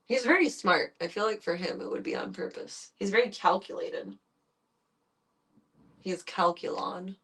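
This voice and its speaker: A woman's voice: medium pitch, unhurried, creaky, fairly bright tone, husky. A woman streaming casually from her workplace, chatting and cooing in baby talk to the animals she looks after. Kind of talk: casual live-stream chat.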